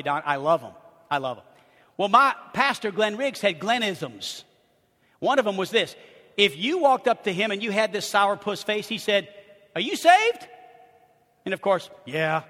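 A man preaching a sermon as pastor, telling humorous, animated stories with bursts of laughter. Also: high-pitched. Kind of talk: lively sermon storytelling. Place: church sanctuary. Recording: hall reverb in a church.

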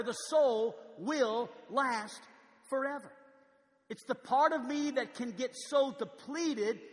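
A man's voice: extremely high pitch, sharp tone, long reverb tail. A man preaching a sermon in a large church, conversational, with frequent stammered restarts. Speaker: pastor.

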